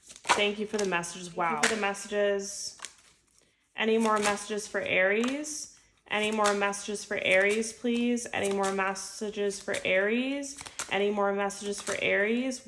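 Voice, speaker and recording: A woman's voice: medium pitch, steady tone, a little slow, background noise. A woman giving an intuitive tarot reading to camera, chatty and heartfelt, full of filler words. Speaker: tarot reader. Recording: echoey room.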